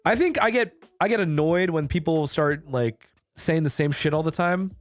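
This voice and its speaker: A man's voice: fairly high pitch, moderate pace, dry recording. A man streaming a casual chat, laid-back and swearing casually, with faint music behind him. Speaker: VTuber streamer.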